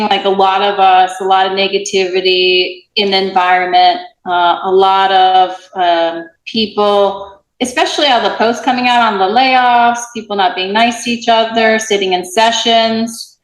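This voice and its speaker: A woman's voice: medium pitch, echoey room, rough recording. A woman guest talking casually and reflectively, with many fillers and restarts. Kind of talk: casual conversation.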